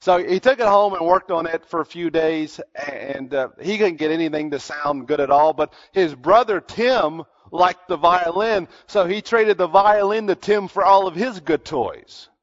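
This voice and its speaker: A man preaching a sermon, telling a story earnestly, dropping his voice low and then rising for emphasis. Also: moderate pace, few pauses. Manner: earnest storytelling, drops to near-whispers and rises for emphasis. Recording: dull lo-fi recording.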